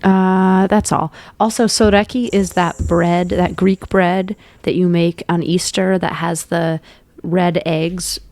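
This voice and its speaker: A woman playing a game with a friend, choosing options and making deadpan jokes. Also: on the low side, slow pace, no echo. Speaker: co-player. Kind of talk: casual let's-play chat.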